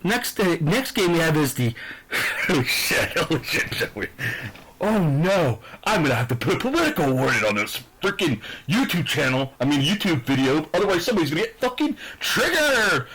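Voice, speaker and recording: A man's voice: high-pitched, a bit bright, a little hiss or hum, low-quality recording. A man from New Jersey hosting a sports picks channel, ranting in a profane, aggressive, heated way. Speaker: YouTube sports channel host.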